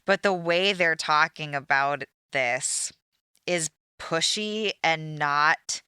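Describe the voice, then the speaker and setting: Woman, podcast co-host, casual recap chat, blunt, sarcastic, lowish smooth voice, dry close sound. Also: slow pace, bright, forceful tone, dry recording. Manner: blunt, sarcastic, swears freely.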